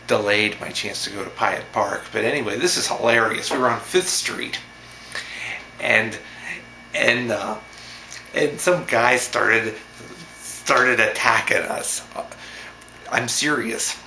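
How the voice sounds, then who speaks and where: A man's voice: medium pitch, takes it slowly, pushed and bright, reverberant, a little hiss or hum. A man vlogger telling a story in a casual, rambling way, repeating himself, restarting sentences and sounding amused.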